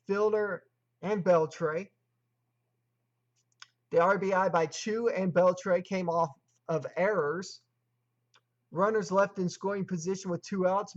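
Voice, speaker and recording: High-voiced man reading baseball stats. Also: muffled recording. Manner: recites stats in clipped lists, then emphatic opinions. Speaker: sports show host. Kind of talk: solo sports commentary livestream.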